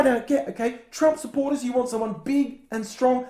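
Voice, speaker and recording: A man's voice: extremely high pitch, steady tone, normal speed, mellow. A man co-hosting a casual political chat, ranting bluntly and sarcastically. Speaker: podcast co-host. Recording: roomy echo.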